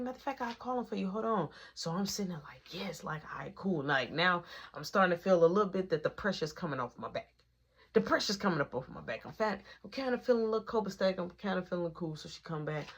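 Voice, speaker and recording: A woman's voice: lowish voice, husky. A woman casually telling a long personal story in slang, acting out each quoted line of dialogue in its own voice.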